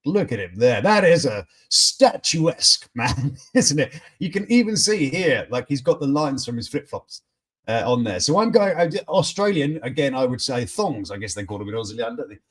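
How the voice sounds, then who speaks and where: A man's voice: mid-range voice, big pitch swings, moderate pace. A man hosting a casual live news chat, joking and reacting to viewers' comments in a chatty way. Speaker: host of a morning news chat stream.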